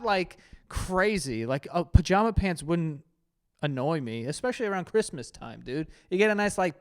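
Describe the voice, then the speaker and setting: Man, 30s, host reacting to dating tips, crude joker, clear tone. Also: sits high. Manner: loose, crude, joking, laughs often, mock voices. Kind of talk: casual reaction commentary.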